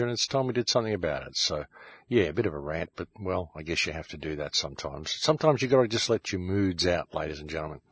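Husky low-voiced man ranting to listeners. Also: a bit bright. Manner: ranting, keeps calling listeners "folks". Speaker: show host. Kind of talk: impassioned monologue. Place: home shed.

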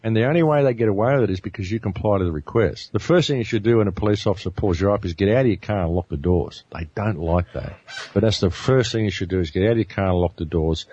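A man's voice: fairly low pitch, fast, warm tone, breathy edge. A man talking bluntly on a talk show, rambling and often repeating his words. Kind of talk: casual talk show chat. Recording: muffled dry lo-fi recording.

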